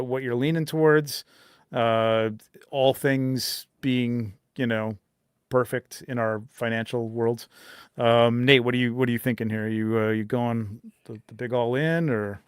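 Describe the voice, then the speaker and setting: A chatty man hosting a casual talk show, easygoing and agreeable, tossing in quick yeses and mm-hmms while others talk. His voice sits at an ordinary middle pitch, and the recording is dry and close with no room sound. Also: fairly even intonation, clean tone, no echo. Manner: chatty, agreeable, frequent interjections. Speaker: podcast host. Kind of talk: casual chat.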